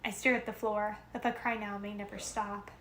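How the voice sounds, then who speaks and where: A woman reading a novel aloud in the first person at home, steady with small self-corrections. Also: mid-range voice, normal speed. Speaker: reader. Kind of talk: amateur audiobook reading of a novel. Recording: roomy echo with faint noise.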